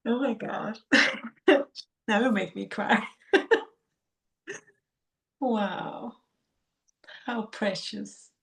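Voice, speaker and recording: A woman's voice: a little high, extremely slow, gravelly, pauses often, fairly bright tone. A woman hosting a podcast, asking her guest for stories and reacting effusively. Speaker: podcast host. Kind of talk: interview questions and reactions.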